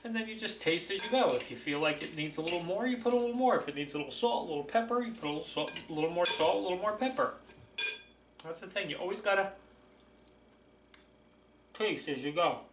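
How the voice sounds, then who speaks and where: Man, cooking show host, chatty and folksy, slightly high voice, echoey kitchen. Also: lively intonation, fast talker, noisy background. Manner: chatty, folksy, enthusiastic about food. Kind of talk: casual cooking demonstration.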